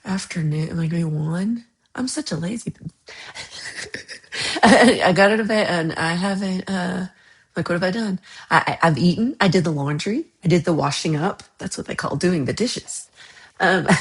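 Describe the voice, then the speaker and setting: A woman hosting a livestream chat, casually rambling about her week with frequent laughs, sounding a little under the weather. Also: fairly low pitch. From United States. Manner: chatty, rambling, laughs often. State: slightly unwell after a bad night. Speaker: livestream host. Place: home.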